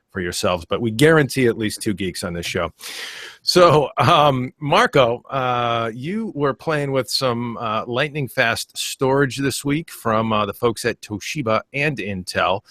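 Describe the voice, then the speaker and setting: A man hosts a relaxed tech webcast, cracking jokes and stumbling over repeated words as he thinks. His voice sits in a middle register. The sound is dry and close. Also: mid-range voice, no room sound. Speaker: podcast host. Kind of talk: casual tech webcast chat.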